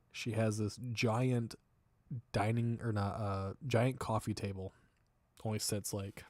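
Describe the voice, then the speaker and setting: A man in his thirties hosts a casual livestream and tells crude stories, laughing at them as he goes. His voice is fairly low and recorded close and dry, with no room sound at all. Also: darkish tone, no echo. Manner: laughs often, crude humor, storytelling. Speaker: streamer.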